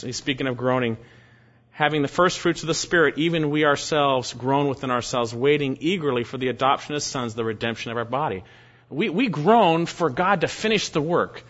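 A man preaching an expository sermon, reading verses aloud with slow, deliberate emphasis. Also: fairly high pitch, fairly bright tone. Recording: dull lo-fi recording.

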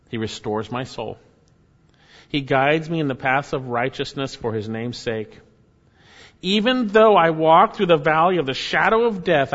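Male pastor delivering an emphatic sermon with quiet drops; long church reverb, dull recording. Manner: swings from loud emphatic peaks to low quiet lines; repeats key phrases for emphasis.

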